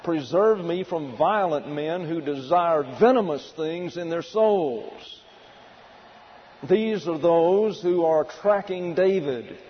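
A man preaching a sermon, working through numbered points in a deliberate, emphatic way. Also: on the high side, muffled recording, a little hiss or hum. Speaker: pastor.

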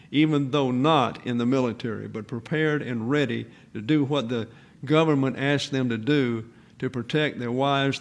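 Man in his 80s, pastor, sermon, gravelly voice, earnest, unhurried with pauses. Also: medium pitch. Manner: earnest, measured delivery with pauses and fillers.

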